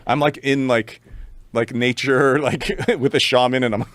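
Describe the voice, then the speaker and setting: A man's voice: medium pitch, steady tone, moderate pace, heavy background noise. A man guest on a podcast, telling a story in casual, rambling, profane chat, laughing often, on a close studio mic.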